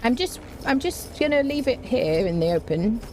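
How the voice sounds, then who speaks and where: A woman streaming a survival game talks casually with a soft, warm tone over faint background noise. She mutters to herself, hums little tunes between tasks and cracks jokes at the enemies she fights. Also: fairly high pitch, big pitch swings, normal speed. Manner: chatty, hums and mutters to herself while playing. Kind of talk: casual gameplay commentary.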